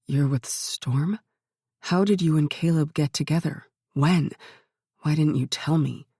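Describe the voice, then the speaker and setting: A woman reading the lines of a shocked young man, lowering her voice to a disbelieving, halting tone. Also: dark tone, slightly rough, no room sound. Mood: stunned. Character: frantic young man, shocked older brother.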